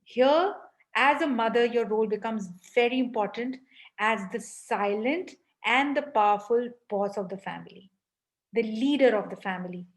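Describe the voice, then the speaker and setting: Woman coach, workshop leader; emphatic, rhetorical checks with the audience, slightly higher voice. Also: moderate pace. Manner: emphatic, frequent rhetorical "right?". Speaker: parenting coach. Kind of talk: live online parenting workshop.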